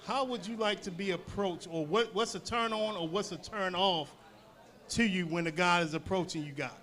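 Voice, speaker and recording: A man hosting a casual podcast chat, asking guests questions in a relaxed, joking way. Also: high-pitched, normal speed. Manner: relaxed, joking questions with "you know" fillers. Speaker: host.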